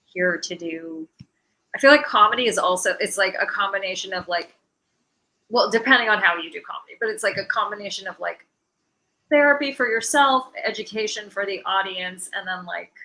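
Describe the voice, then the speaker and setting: A woman's voice: medium pitch, a little fast, pushed and bright, low-quality recording. A woman comedian, a guest in a casual interview, talking animatedly and laughing often.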